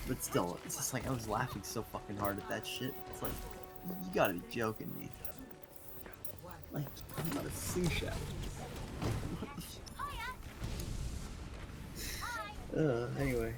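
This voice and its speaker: Exasperated young man venting over loud music. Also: medium pitch, animated, moderate pace, long pauses. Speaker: gamer and kitchen cook. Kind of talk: casual rant in voice chat while gaming.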